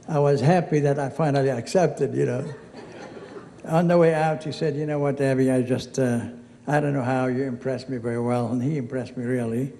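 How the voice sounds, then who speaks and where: Older man, Lebanese accent, mellow voice, storytelling speech, long hall reverb. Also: mid-range voice, fairly even intonation, a little fast, vocal fry. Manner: chatty storyteller, acts out quoted dialogue. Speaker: honoree giving acceptance speech. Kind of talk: anecdotal speech. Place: event hall.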